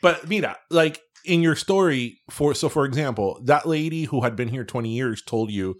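A man's voice: medium pitch, lively intonation, normal speed. A man in his forties with a Miami accent, hosting a casual podcast chat in an easygoing, reflective way and laughing often. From Miami, Florida. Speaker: podcast host.

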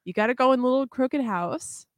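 A woman guesting on a comedy podcast in a home studio, casual and deadpan with teasing jokes. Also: sits high, brisk, no echo.

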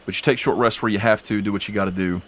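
A man narrating a tabletop game as game master, relaxed and halting with fillers. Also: fairly low pitch, slight background noise.

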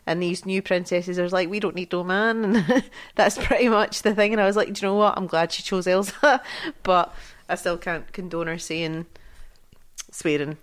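A woman's voice: on the low side, moderate pace. Laughing woman telling stories. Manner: lively storyteller who laughs often. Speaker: podcast co-host. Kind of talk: casual chat.

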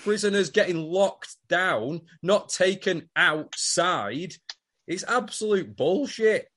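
Ranting man with a lively high voice. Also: takes it slowly. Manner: ranting, incredulous, sweary. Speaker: podcast co-host. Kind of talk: casual chat.

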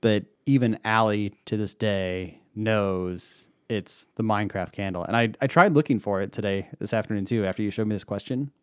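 Low-voiced man in relaxed podcast chat. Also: normal speed, few pauses, smooth, no echo, clean studio sound. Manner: rambling, self-correcting storyteller. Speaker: podcast co-host. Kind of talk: casual chat over wine.

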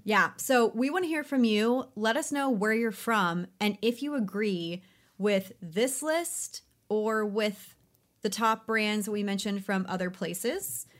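A woman co-hosts a podcast in a relaxed, chatty way. She runs through lists and quizzes her co-host with easy, conversational energy. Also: mid-range voice, slow pace. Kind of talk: casual podcast chat.

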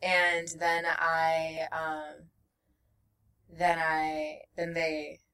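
A woman's voice: sits low, completely flat delivery, drawn-out words, bright, forceful tone, smooth, far from the mic. A young woman telling a personal story in casual conversation, rambling with many fillers and acting out what people said. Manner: rambling, full of fillers, laughs often, acts out quotes. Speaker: guest.

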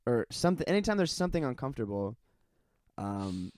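A man's voice: medium pitch, big pitch swings, a little fast, darkish tone, dry recording. A man co-hosting a podcast in casual chat, rambling and self-deprecating, laughing often and swearing freely. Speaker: podcast co-host.

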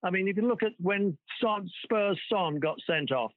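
A man's voice: high voice, lively intonation, moderate pace, no room sound, narrow, tinny audio. A man talking football as a guest in casual banter. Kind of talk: casual chat.

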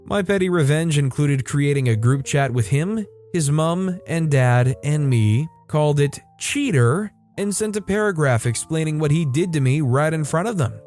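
A man narrating online stories in a casual, lively reading style. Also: fairly high pitch, moderate pace, few pauses, faint music behind. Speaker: story narrator.

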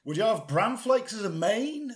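A man with a high-pitched, very animated voice co-hosts a podcast at a moderate pace. The casual chat is jokey and comedic, and he rambles with lots of hesitations and fillers.

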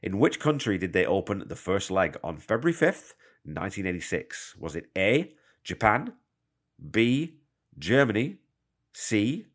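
A deep-voiced man hosts a music podcast and talks through an album track by track. His delivery is chatty and enthusiastic, and he wanders off into conversational asides. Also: sing-song, a little slow. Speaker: podcast host. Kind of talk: casual music commentary.

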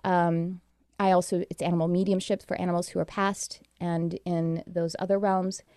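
A woman's voice: fairly low pitch, little pitch movement, moderate pace, dark tone, clear, resonant tone, dry recording, studio quality. A woman guest in a casual interview, telling rambling, earnest stories about her work. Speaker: guest, animal communicator.

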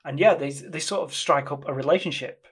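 A man's voice: fairly high pitch, a little fast, breathy edge. A man in a casual film discussion, explaining the plot in a rambling way and correcting himself as he goes. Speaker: podcast co-host discussing a film.

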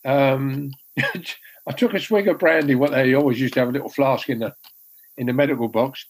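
A man's voice: mid-range voice, fairly quick, slight background noise, poor audio. An older man, a former goalkeeper telling rambling, self-deprecating stories with many restarts. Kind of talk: casual anecdote telling.

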